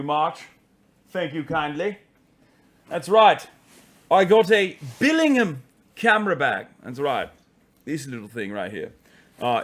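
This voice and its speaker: A male streamer putting on a pompous posh upper-class English accent, talking in a mock-genteel way with lively swoops. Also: mid-range voice. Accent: posh English (put on). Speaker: live streamer. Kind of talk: mock-posh comedic monologue.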